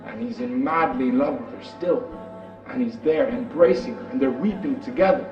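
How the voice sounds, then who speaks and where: A preacher telling a story in an animated, dramatic way and acting out the characters, in an echoey, distant, muffled recording with music behind. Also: male voice, medium pitch, normal speed.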